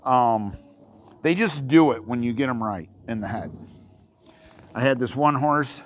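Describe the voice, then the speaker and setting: A man's voice: medium pitch, unhurried, slight background noise. Rambling man talking while training a horse. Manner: rambling, hesitant, many restarts and ums; calls out loudly to the horse. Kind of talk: casual vlog talking while working a horse.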